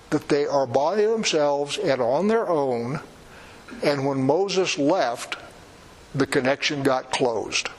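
A man's voice: on the high side, poor audio. A man preaching a sermon in a conversational, emphatic way with wry asides.

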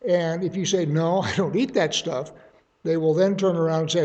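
A man's voice: on the high side, steady tone, normal speed, darkish tone. A man leading a Bible study in a conversational way, thinking aloud and adding asides. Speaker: Bible teacher.

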